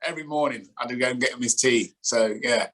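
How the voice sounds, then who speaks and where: Bright-voiced chatty man. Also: mid-range voice, fairly quick. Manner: chatty, filler-heavy. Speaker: co-host, former player. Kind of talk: casual storytelling.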